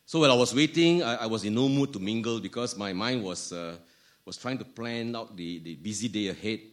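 A man with a Malaysian English accent preaching a sermon, often repeating words as he restarts and letting key phrases fall to a quiet hush. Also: lowish voice, fairly quick.

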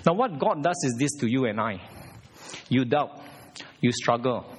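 A man preaching a sermon at a church service, emphatic and animated, putting direct questions to the congregation. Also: mid-range voice, moderate pace, husky.

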